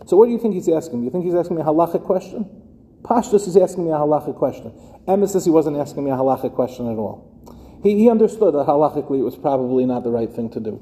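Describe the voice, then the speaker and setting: A man's voice: fairly high pitch, animated, very fast, dark tone, big-room sound. A middle-aged man, a rabbi teaching a class of educators, who talks conversationally and keeps asking his listeners rhetorical questions. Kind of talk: lecture to a live class.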